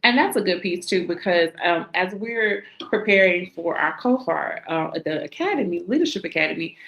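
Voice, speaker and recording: Low-voiced woman host, echoey room. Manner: measured, asks reflective questions. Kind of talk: roundtable conversation.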